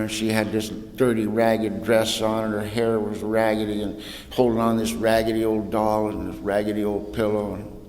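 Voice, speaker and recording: Telling his recovery story to an audience from a hall podium, a Southern California man leans on humor and casual slang with a southern tinge, saying "ain't" and "y'all." When he reaches painful parts he gets soft and low. The recording picks up the echoey hall and faint room noise.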